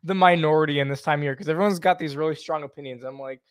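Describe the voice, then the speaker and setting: This young podcast co-host talks fast in a pitch on the high side, recorded dry. He keeps the chat casual, laughing often and cursing without holding back.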